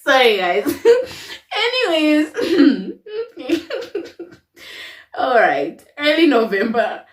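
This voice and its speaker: A young woman telling a personal story to her viewers in a casual, expressive way, laughing often. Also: a little high, extremely slow, distant mic, a little hiss or hum. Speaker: storytime vlogger. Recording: roomy echo, away from the mic.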